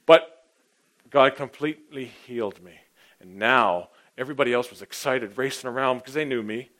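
A middle-aged man preaching a sermon, telling his own story and swinging from hushed asides to loud, emphatic points. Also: medium pitch, moderate pace. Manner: personal testimony, dynamic, swings from hushed to loud. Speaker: pastor.

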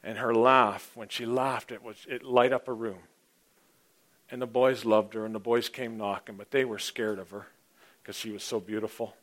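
The man's sermon is informal and rambling, dotted with throat-clearing and swings from loud emphasis to near-quiet asides. His voice is on the low side with little pitch movement, and he talks at a normal speed.

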